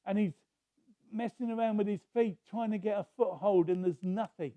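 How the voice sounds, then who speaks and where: A man's voice: sits high, moderate pace, no echo, muffled recording. A man preaching a sermon, telling a story in a conversational way with restarts.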